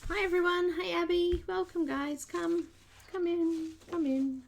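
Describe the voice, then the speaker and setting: Slow-talking croaky woman. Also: very high voice, flat delivery, a little hiss or hum. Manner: chatty, greets viewers by name, laughs often. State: slightly croaky. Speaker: art channel host. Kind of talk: live-stream coloring tutorial chat.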